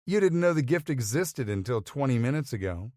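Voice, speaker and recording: A man's voice: medium pitch, animated, brisk, darkish tone, no room sound, clean studio sound, natural voice. A man voicing a smug, affectionate grown man who talks in a wry, teasing way.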